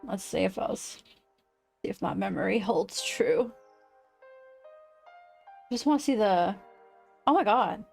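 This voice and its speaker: A woman livestreaming casual chat, rambling and quick to laugh. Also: mid-range voice, expressive, creaky, darkish tone, slightly rough, faint music behind. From United States.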